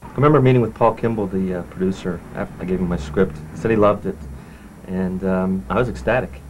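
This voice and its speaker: A man's voice: low-pitched, fast, a little mellow, a little hiss or hum, low-quality recording. A man as a screenwriter in a mockumentary interview, aggrieved and resentful. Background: faint music.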